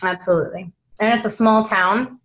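Young woman, actress guest; casual, animated anecdotes. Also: medium pitch, moderate pace, low-quality recording. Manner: animated storyteller, acts out quoted voices. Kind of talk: casual interview chat.

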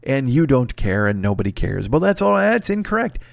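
A man's voice: mid-range voice, big pitch swings, normal speed, creaky, no echo. A man hosting his podcast, under the weather, rambling and swearing with many restarts in a casual solo announcement. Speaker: podcast host.

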